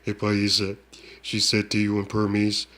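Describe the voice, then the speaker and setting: Low, flat-voiced man saying "duh". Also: normal speed. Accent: Hmong. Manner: ends phrases with a scornful "duh". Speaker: self-styled psychic shaman. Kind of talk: rambling monologue.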